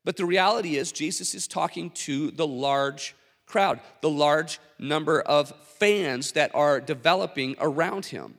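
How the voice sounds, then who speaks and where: Animated pastor preaching in a hall. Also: male voice, fairly high pitch, unhurried. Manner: conversational, animated storytelling with many fillers. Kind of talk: sermon.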